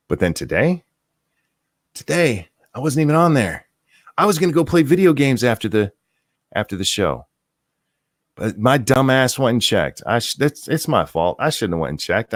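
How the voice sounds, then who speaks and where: A man's voice: lowish voice, dry recording, studio quality. A man hosting a show, delivering a profane, heated political rant with mocking outbursts. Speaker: host.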